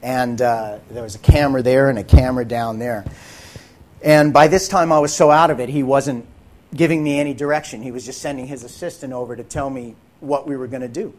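Male actor, middle-pitched, dramatic testimony with intense, whispered moments. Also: steady tone, a little fast, darkish tone. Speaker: actor sharing a faith testimony. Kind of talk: dramatic personal storytelling.

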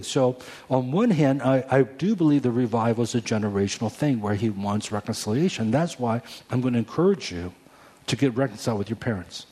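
In a sermon testimony, a fortysomething pastor tells a personal story with sincerity and many false starts. His medium-pitched voice has a dark tone and a breathy edge.

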